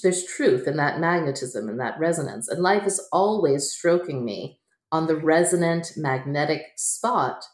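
A woman author talking as a guest in a relaxed interview, chatty and quick to laugh, full of fillers. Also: deep voice. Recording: echoey room.

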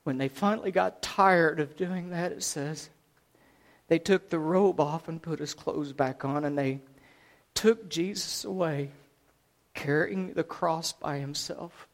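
A man preaching a sermon, retelling a scripture story dramatically, swinging from loud declarations to hushed lines. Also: on the high side.

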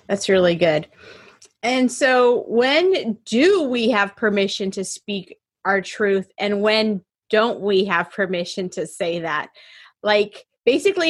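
A woman host with a slightly husky, breathy voice gives short, encouraging affirmations. She follows up with a thoughtful question, speaking at an ordinary conversational pitch. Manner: brief encouraging backchannels and questions.

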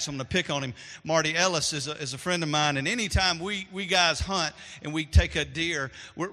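A pastor with a high, bright voice delivers a dynamic sermon in a church sanctuary, swinging between loud and hushed. The recording carries a long hall reverb.

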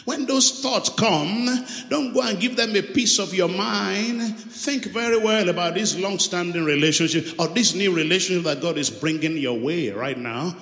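A man preaching a sermon in a church hall, animated and calling out to his congregation. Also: high-pitched, normal speed, few pauses. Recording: echoey hall with long reverb.

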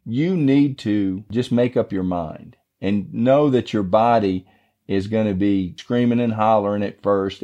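A man's voice: fairly low pitch, dark tone, highs cut off. A man hosting a devotional podcast, teaching the Bible in a casual, folksy, rambling way.

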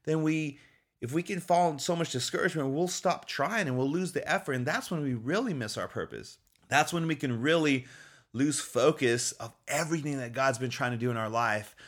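A man's voice: mid-range voice, moderate pace. Upbeat, encouraging male faith speaker. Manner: upbeat, encouraging, repeats key phrases; chuckles often while speaking. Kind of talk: motivational faith talk.

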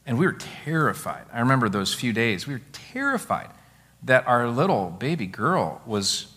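A middle-aged man preaching a sermon, telling family stories in an animated way. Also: mid-range voice, moderate pace. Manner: storytelling, animated, laughs at his own stories. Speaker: pastor. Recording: long hall reverb.

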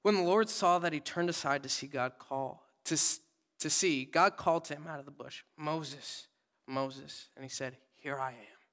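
A young male pastor delivers a laid-back sermon in a slightly high voice, talking to the congregation like friends. He rises to loud readings and drops to near whispers. The sound rings with the long reverb of a church hall. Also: brisk. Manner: casual, conversational preaching with sudden loud readings and soft whispered asides. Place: church sanctuary.

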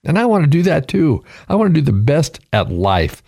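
A man's voice: on the high side, wildly swooping pitch, normal speed, gravelly, darkish tone. An older man, a pastor hosting a devotional radio show, talking in an earnest, emotional preaching way with folksy asides.

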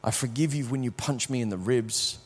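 A man preaching a sermon, telling a personal story with strong swings from hushed to loud, often repeating words as he starts sentences. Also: medium pitch, fairly quick, slightly rough, in a large hall.

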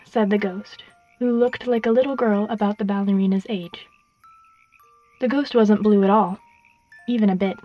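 A woman narrating a story expressively, going softer in the sad passages. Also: medium pitch, steady tone, moderate pace, no echo, muffled recording.

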